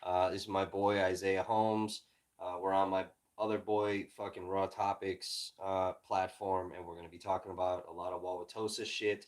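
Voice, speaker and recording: A man originally from Illinois, hosting a livestream and ranting in frustration, heavy with profanity and swinging from low muttering to loud outbursts. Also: little pitch movement, normal speed, poor audio. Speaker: livestream host and independent journalist.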